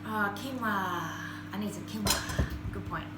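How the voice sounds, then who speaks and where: A young woman in her home kitchen chats through a recipe in a casual, self-mocking way, quick to giggle. Her voice sits at an ordinary middle pitch. The kitchen gives it a roomy echo, and steady background noise runs underneath. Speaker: cooking vlogger. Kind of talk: casual cooking chat.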